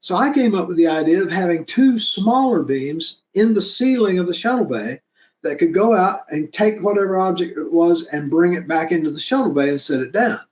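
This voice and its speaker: A man's voice: sits high, expressive, moderate pace, darkish tone. Chatty man in an echoey room. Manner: enthusiastic, rambling, laughs often. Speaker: fan film producer. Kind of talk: casual interview chat. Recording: roomy echo.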